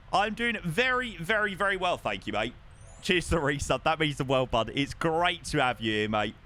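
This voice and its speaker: A man streaming live, chatting casually and excitably with his viewers and swearing now and then. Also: a little high. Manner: excitable, swears, talks to chat.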